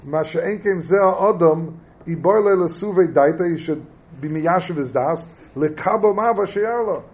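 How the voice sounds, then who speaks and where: Torah teacher, male, slightly high pitch, explains texts and quizzes the class. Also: unhurried, darkish tone. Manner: explanatory, mixing Hebrew terms into English, quizzing the class. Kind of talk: Talmud class lecture.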